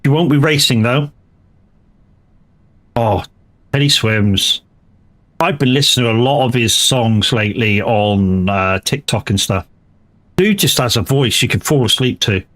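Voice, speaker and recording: A man's voice: mid-range voice, measured pace, long pauses, fairly bright tone. A man chatting casually during a live game stream, rambling and swearing freely with many restarts.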